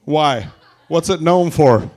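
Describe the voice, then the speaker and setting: A man's voice: fairly high pitch, animated, slow pace, a little mellow. A young man doing a stand-up set in a brewery, brash and profane, working the crowd with punchy jokes. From Pacific Northwest, USA. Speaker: stand-up comedian. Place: brewery, live audience.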